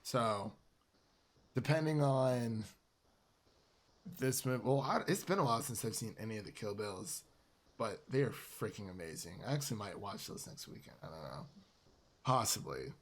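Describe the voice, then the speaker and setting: A man's voice: on the low side, expressive, moderate pace, pauses often. A young man co-hosting a casual film review podcast, laughing often and animatedly retelling scenes. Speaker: podcast co-host.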